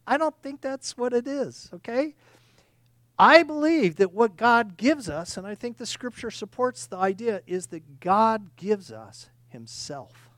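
A male pastor preaching a sermon, earnest, swinging from loud emphatic lines to quiet confiding ones, often repeating words and restarting sentences. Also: high voice, animated, measured pace, no echo.

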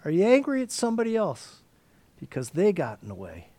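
A man preaching a sermon, dropping to whispers and rising to near shouts as he acts out the story. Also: high voice, wildly swooping pitch, fairly quick, no echo. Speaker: pastor.

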